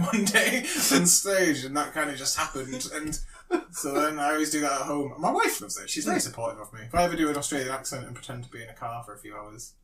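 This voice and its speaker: A man's voice: a little high, far from the mic. An English man co-hosting a podcast in casual chat, joking, laughing often and swearing casually. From England. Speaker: podcast co-host, stand-up comic.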